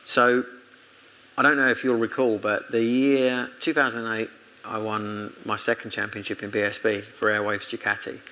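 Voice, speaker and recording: A man's voice: lowish voice, level tone, moderate pace, sharp tone, rough recording. Chatty British man telling racing stories. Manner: chatty anecdotes with laughs and self-quoted dialogue. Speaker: guest, former motorcycle racer. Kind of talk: casual storytelling interview.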